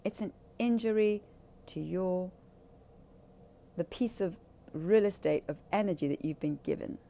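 A woman's voice: on the low side, unhurried, creaky, warm tone. A woman speaking candidly in a blunt, profane and emphatic way. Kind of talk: candid casual talk.

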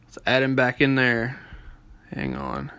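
Male host on a call, very lively pitch, curious, keeps it moving. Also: a little slow, lo-fi sound. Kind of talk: casual chat on a call.

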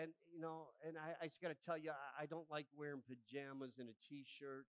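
A male pastor in his forties preaching a sermon, often asking the congregation for an amen and building to loud, emphatic peaks. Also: on the high side, no room sound, low-quality recording. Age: 40s.

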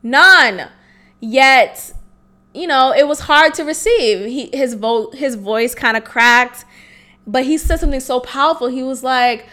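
A woman's voice: high voice, unhurried, pushed and bright. A woman in her late twenties, a teacher, hosting a podcast alone and telling a personal story in a frank, casual way, swearing freely and often laughing. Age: 20s. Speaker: podcast host. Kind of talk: candid solo podcast storytelling.

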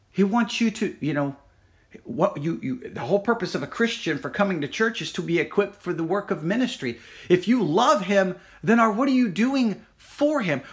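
A man giving a devotional sermon, earnest and searching, repeating his questions slowly. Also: high voice, a bit bright. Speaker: pastor.

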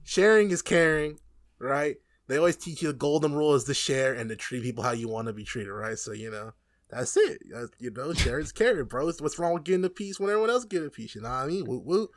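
A man with a slightly raised voice leads a casual anime recap podcast. He talks in an animated, profane way and laughs often. The sound is dry and close, with no room echo. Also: a little high, brisk.

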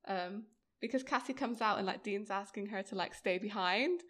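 Co-hosting a podcast, this woman recaps a TV episode in a relaxed, casual chat and laughs frequently. Her voice is mid-range and a bit bright, moving at a normal speed.

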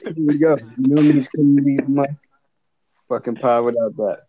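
A man's voice: medium pitch, normal speed, warm tone. A man hosting a podcast in casual chat, laid-back and slangy with a lot of swearing. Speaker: podcast host. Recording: dull lo-fi audio.

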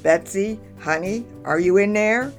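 A woman voicing a protective farmer father who speaks in a steady, soothing way. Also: medium pitch, measured pace, faint music behind, natural voice.

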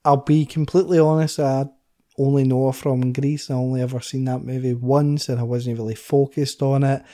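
A man's voice: mid-range voice, level tone, moderate pace, mellow. A Scottish man co-hosting a casual chat podcast, laid-back and agreeable, with some swearing. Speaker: podcast co-host.

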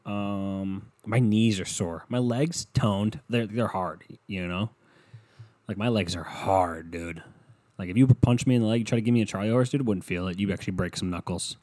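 A man's voice: lowish voice, moderate pace, a little mellow, no room sound. A young man hosting his own podcast, rambling and swearing casually with self-mocking humor, speaking into a headset at home. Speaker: podcast host. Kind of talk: casual solo podcast rant.

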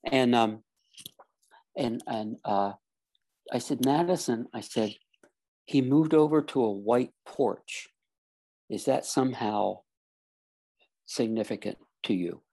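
A man's voice: mid-range voice, slow pace, pauses often, warm tone. A man earnestly telling a personal story in casual talk, acting out the other people's lines as he goes. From Florida. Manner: earnest storyteller, acts out quoted dialogue.

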